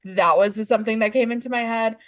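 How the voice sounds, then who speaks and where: A woman co-hosting a podcast, chatting casually about a film and lively in how she retells its scenes. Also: fairly high pitch, dry recording, lo-fi sound. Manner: animated, acts out scenes in quick voices. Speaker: podcast co-host. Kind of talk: casual film review chat.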